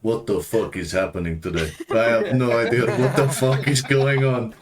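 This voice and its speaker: A man's voice: medium pitch, fairly even intonation, moderate pace, over a noisy crowd, voice pushed up, close to an everyday voice. A man voicing a nervous, apologetic market stall keeper in a tabletop game. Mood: bewildered. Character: flustered middle-aged male market stall keeper.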